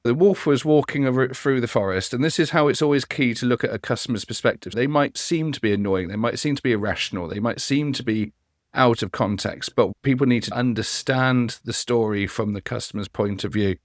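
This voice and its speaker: A man who is a guest on a podcast and a customer experience consultant, telling anecdotes in a lively conversational way. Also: medium pitch, a little fast, no room sound, studio quality. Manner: animated storyteller. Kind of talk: conversational interview.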